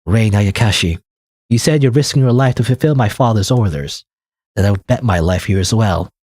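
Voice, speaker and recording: A man reading the lines of a calm, otherworldly young woman in a visual novel, in his own voice with an even delivery. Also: lowish voice, normal speed, slightly rough, no echo, clean studio sound.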